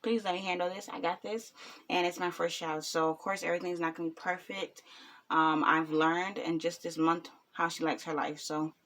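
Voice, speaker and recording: A woman's voice: lowish voice, steady tone, normal speed, a bit bright. A woman in her twenties, a new mother, talking bluntly and rambling with lots of ums in a casual reaction vlog. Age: 20s.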